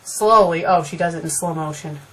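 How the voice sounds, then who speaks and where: A woman's voice: fairly low pitch, a little fast, slight background noise. Sarcastic young woman reading fanfiction aloud. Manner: sarcastic asides, dry remarks. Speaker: fanfiction critic and reader. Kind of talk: comedic fanfiction reading with commentary.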